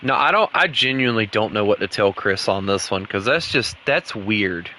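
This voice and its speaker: A man's voice: fairly low pitch, expressive, moderate pace, bright, forceful tone, a little hiss or hum. An American man streaming a game in casual chat, playfully teasing a friend. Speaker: gaming streamer.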